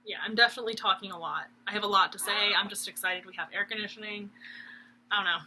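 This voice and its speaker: A woman's voice: medium pitch, fairly even intonation, fast talker, bright, forceful tone, slight background noise, poor audio. A young woman, chatting casually and rambling with giggles about her stitching projects at home. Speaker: cross-stitch vlogger. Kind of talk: casual chat.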